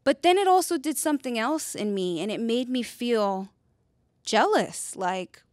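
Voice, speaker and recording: A woman's voice: unhurried, no echo, studio quality. Earnest young woman telling her story. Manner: earnest, conversational, with fillers and rhetorical "right?"; drops quiet and low on painful memories, lifts for animated retelling. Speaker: speaker sharing her story. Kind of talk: personal storytelling talk.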